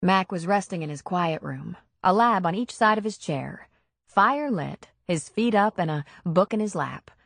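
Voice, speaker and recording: Female audiobook narrator: measured, low-pitched, dry studio sound. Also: expressive, creaky, no echo.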